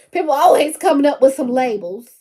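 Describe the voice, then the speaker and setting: A woman's voice: sits high, animated, moderate pace, dark tone. A woman, hosting her own channel and talking casually and emphatically to camera, laughing often. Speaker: channel host.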